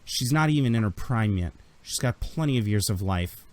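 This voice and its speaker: A man's voice: fairly low pitch, lively intonation, normal speed, a little mellow. A man narrating as game master in a tabletop game, telling the scene vividly and dramatically.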